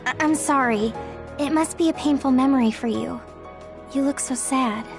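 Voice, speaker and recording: An actress playing a gentle, kind-hearted young woman with a breathy voice who speaks hesitantly in a game cutscene. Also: sits high, moderate pace, music in the background. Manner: hesitant, apologetic.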